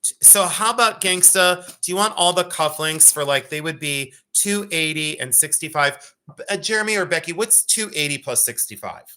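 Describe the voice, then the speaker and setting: A man in his fifties hosting a live jewelry sale, chatting loosely and breaking into rapid auctioneer chant. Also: a little high, expressive, sharp tone. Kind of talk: live-stream sales chat.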